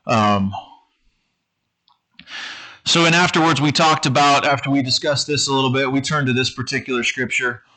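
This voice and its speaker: A man's voice: medium pitch, normal speed, pauses often, sharp tone. A middle-aged man preaching a conversational sermon to his congregation, often stumbling and repeating words as he goes. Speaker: pastor.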